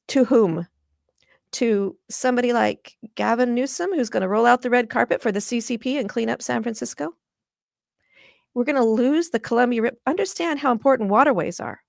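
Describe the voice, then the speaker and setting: A woman's voice: a little high, creaky, dry recording. Woman, interview guest, impassioned, earnest, gets emotional, dry close sound. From Washington State. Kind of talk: conversational interview.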